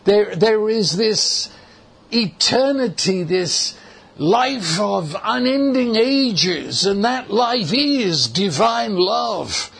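An older man preaches a sermon in a slow, deliberate way, leaning hard on repeated words. His voice sits fairly high and carries a gravelly, husky edge. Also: sing-song, fairly bright tone.

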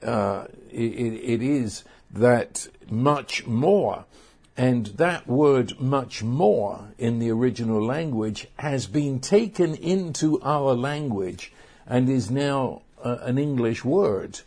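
A man preaching a sermon, slow and emphatic, often restarting his phrases. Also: medium pitch, animated, darkish tone, husky.

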